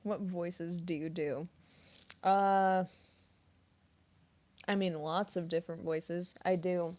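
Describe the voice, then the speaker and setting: A young woman voice actress casually answering chat questions on a stream, relaxed and rambling with many fillers, snacking as she talks. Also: on the low side, slow. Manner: relaxed and rambling, many fillers, laughs often, eating while talking.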